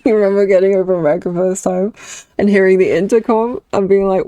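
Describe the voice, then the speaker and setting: A woman's voice: mid-range voice, fairly even intonation, fast, dark tone, no room sound, dull audio. A young British woman chatting casually with her viewers while drawing on stream, reading chat and laughing often. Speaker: artist streamer.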